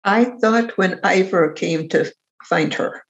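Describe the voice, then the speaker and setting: A woman's voice: fairly low pitch, slow, muffled recording. A woman in a book group making short comments and questions to the author, a little away from the mic. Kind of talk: casual book discussion.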